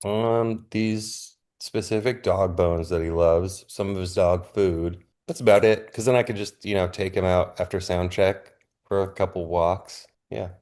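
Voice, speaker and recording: A man chatting casually as a podcast guest, laid-back and quick to laugh. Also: sits low, fairly even intonation, a little mellow. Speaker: punk musician guest. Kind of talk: casual interview chat.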